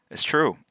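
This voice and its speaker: Laid-back man chatting while drawing. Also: dry recording. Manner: playful, teasing, reacting to chat out loud; repeats words to practice pronouncing them. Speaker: artist hosting a live drawing stream. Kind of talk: casual live-stream chat while drawing.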